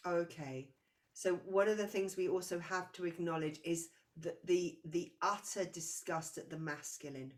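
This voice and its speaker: In a fairly low voice at a moderate pace, a woman conducts a spiritual reading session, offering a client a past-life reading. Her delivery is intense, and she loops back on herself while searching for the right words.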